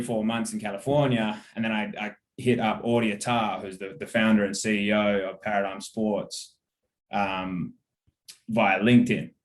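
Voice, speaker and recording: A man's voice: fairly low pitch, reverberant. An Australian man, a sports manager, telling his story in a loose, casual interview, with lots of fillers and the odd swear word. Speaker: sports manager, podcast guest.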